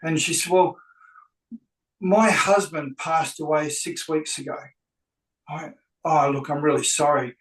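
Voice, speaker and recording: Male agent, slightly high voice, animated anecdote, acts out dialogue; roomy, off-mic sound. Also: unhurried, pauses often, recorded from a distance. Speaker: real estate agent telling a story. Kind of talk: anecdotal storytelling.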